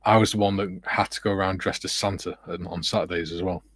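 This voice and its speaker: A man's voice: low-pitched, steady tone, fast talker, fairly bright tone. A middle-aged man co-hosting a casual livestream, reading viewer comments and telling chatty anecdotes with a laugh. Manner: chatty storyteller, laughs at his own anecdotes. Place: home hobby room.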